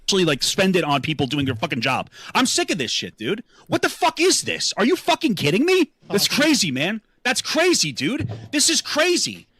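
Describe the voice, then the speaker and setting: A man's voice: sits high, wildly swooping pitch, normal speed, hardly any pauses, pushed and bright, breathy edge, no echo. A man livestreaming angry, profane commentary with a sarcastic edge.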